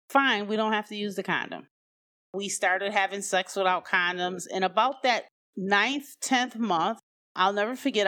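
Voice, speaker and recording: A woman candidly tells her own life story in a loose, unscripted, conversational way, full of "you know" and "like." Her voice is mid-range with a fairly bright tone.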